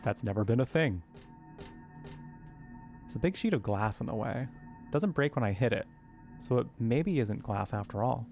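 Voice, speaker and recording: A man's voice: medium pitch, expressive, moderate pace, long pauses, darkish tone, soft background music. A man from Arizona chatting casually while he plays a game, rambling and cooing at his cat now and then. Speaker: gaming streamer.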